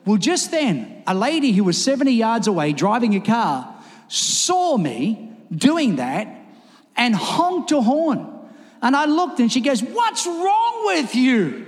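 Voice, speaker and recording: A man preaching a sermon in a church, telling stories and acting them out with lively, rising delivery. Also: unhurried. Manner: animated, acts out his stories with rising pitch. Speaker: pastor. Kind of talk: sermon with storytelling. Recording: reverberant church hall with music.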